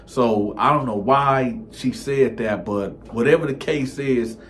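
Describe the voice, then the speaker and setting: A man tells a story in a casual, slangy manner, with his voice set at a middle pitch. He is animated and acts out each of the people as he goes. A faint noise sits under the voice. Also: a little slow. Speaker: storytime host.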